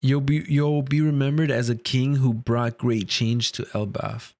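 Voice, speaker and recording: Guy reading some stiff formal elder official, cold and ceremonial, read plain at a middle pitch. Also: flat delivery, measured pace, darkish tone, no room sound, lightly acted. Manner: read aloud plainly from a comic page.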